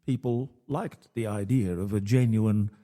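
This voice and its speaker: A man's voice: fairly low pitch, a little slow, warm tone. A man hosting a radio talk show, telling stories in casual chat and quoting people animatedly.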